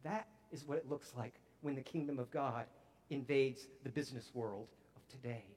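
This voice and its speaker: A man preaching a sermon as pastor, emphatic and swinging from near-whispers to booming declarations. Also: darkish tone.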